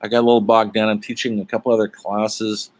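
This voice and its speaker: A man's voice: fairly low pitch, flat delivery, fast. A middle-aged man teaching an online college humanities class in a loose, chatty way, with lots of fillers and side stories. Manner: rambling, chatty, many fillers and asides. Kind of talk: casual online lecture.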